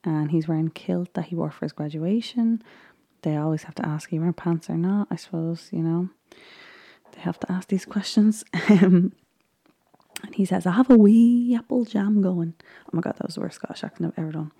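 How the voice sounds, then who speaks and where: A woman's voice: lowish voice, fairly quick, vocal fry, dark tone. A woman vlogger chatting casually as she recaps a baking show, rambling with frequent ums and little laughs. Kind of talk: casual chat.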